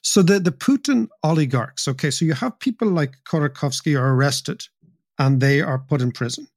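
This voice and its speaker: A man's voice: a little high, normal speed, darkish tone, no echo, studio quality. A man hosting a podcast interview, asking probing questions with stammering restarts. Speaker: podcast host.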